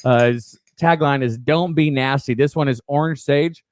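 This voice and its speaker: A man's voice: a little high, normal speed. A man, co-hosting a casual chat, joking and teasing while he plugs a giveaway. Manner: joking, teasing, laid-back. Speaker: co-host.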